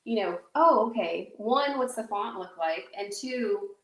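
A woman's voice: medium pitch, lively intonation, unhurried, fairly bright tone, recorded from a distance. Woman podcast host, casual and rambling, jokes at herself, echoey room, off-mic. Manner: rambling, chatty, self-mocking, many fillers. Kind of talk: casual solo podcast talk.

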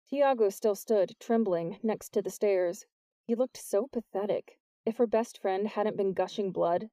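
A woman reading a novel aloud as an audiobook narrator, with steady scripted narration. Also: dry recording. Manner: lifts her pitch for the characters' lines.

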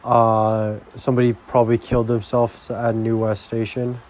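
A man's voice: mid-range voice, completely flat delivery, darkish tone, slight background noise. A young man ranting casually and profanely on a vlog, rambling from topic to topic. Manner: rambling, heavily profane, slow-paced. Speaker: vlogger.

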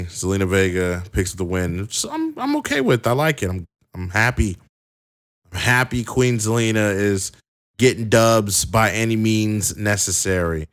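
A man's voice: fairly low pitch, fairly bright tone, clean tone. A young man recapping a wrestling show in a casual, chatty way with plenty of fillers. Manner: chatty, many fillers and restarts.

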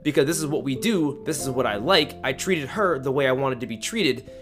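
A young man hosting a podcast, telling a story in casual chat, animated and slangy, acting out the lines he quotes. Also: mid-range voice, fairly quick, music in the background. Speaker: podcast host.

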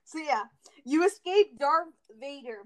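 A woman's voice: sits high, lively intonation, measured pace, low-quality recording. A woman hosting a casual game review podcast, recapping the story in a rambling, jokey way. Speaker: podcast host.

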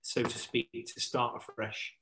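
A man's voice: unhurried, bright, forceful tone, slight background noise, rough recording. Rambling man, podcast guest. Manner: rambling, lots of fillers and restarts. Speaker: podcast guest, survival instructor. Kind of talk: casual podcast chat.

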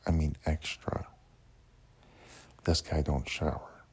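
A man's voice: rumbling low, level tone, slow pace, slightly rough. A man casually telling a rambling, profane story about his day, full of fillers and restarts.

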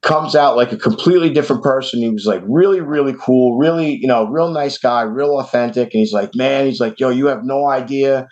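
A man from New York, with a New York accent, hosts a podcast and tells a long story casually, speaking briskly with few pauses. Animated, he acts out the quoted voices of the people in it in a higher pitch. The podcast audio is dull and lo-fi.

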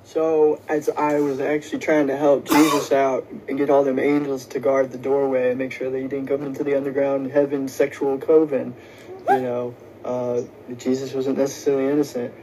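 A man's voice: mid-range voice, flat delivery, moderate pace, noisy background. Crude, rambling male storyteller. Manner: crude, profane, casual, full of "you know". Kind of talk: rambling first-person comic monologue.

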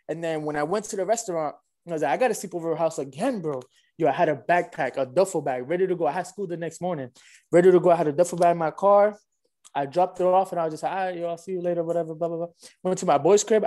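A man tells a casual story at a rapid clip. His voice sits high for a man. He acts out both sides of every exchange in loose street slang. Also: a little mellow. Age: 20s. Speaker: guest telling a dating story.

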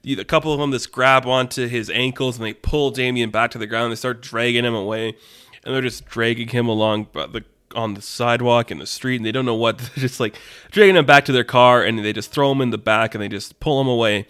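A man's voice: mid-range voice, fairly quick, smooth. Rambling man spinning a tale. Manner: animated, rambling with restarts. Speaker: podcast host. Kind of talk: casual improvised storytelling.

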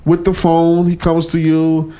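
A man in casual podcast chat, animated and blunt, acting out his kids' voices as he tells stories. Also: fairly high pitch, measured pace, clear, resonant tone. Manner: profane, blunt. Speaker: podcast co-host.

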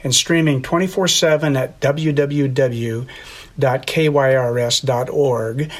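A male announcer reads a scripted identification for a community radio station. He speaks at a measured, formal pace, in a mid-pitched voice. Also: fairly even intonation.

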